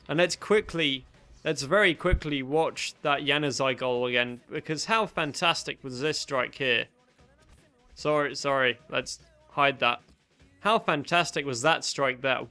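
A young man doing excitable mock sports commentary over a football video game he is playing at home. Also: on the high side, clear, resonant tone. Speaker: gaming channel host.

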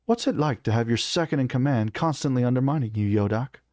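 A man voicing a cocky, sharp-tongued male halfling adventurer with a smug, mocking tone. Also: medium pitch, fast talker, no echo, clean studio sound, pitched above the performer's own voice, lightly acted.

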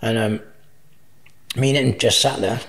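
A man's voice: medium pitch, steady tone, unhurried. A man in his forties, a podcast guest, telling rambling anecdotes, swearing freely and laughing often. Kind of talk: casual storytelling interview. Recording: roomy echo.

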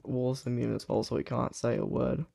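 A young man commentating a live game, switching between muttered asides and sudden excited shouts. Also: mid-range voice, normal speed, gravelly. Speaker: sports commentator.

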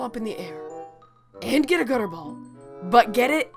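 A woman's voice: fairly high pitch, big pitch swings, normal speed, gravelly, pauses often, darkish tone, soft background music. A woman hosting a comedic reaction video, exclaiming and giggling as she comments. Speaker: YouTuber host.

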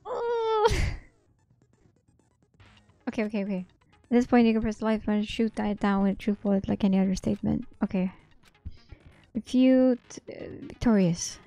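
A young woman streaming a game live, reading game text aloud with excited, swearing, laughing asides. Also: medium pitch, moderate pace, pauses often, no echo, faint music behind.

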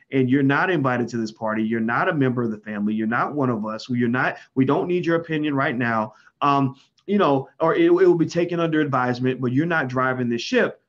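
A man commenting in an impassioned monologue, emphatic, with sudden loud high swings. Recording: dull lo-fi sound.

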